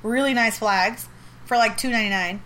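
A woman's voice: on the high side, moderate pace, a bit bright. A woman in casual chat who tells rambling stories and laughs often. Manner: giggly, rambling storyteller.

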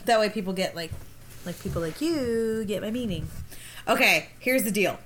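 A woman's voice: medium pitch, lively intonation, normal speed, a bit bright. Woman podcast co-host, casual giggly rambler, faint background noise. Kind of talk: casual chat.

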